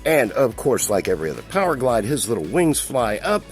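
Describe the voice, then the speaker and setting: Speaking fairly quickly at a medium pitch with big swings, a man chats his way through a casual review of a collectible toy in his hands. He rambles and chuckles every so often over faint background music.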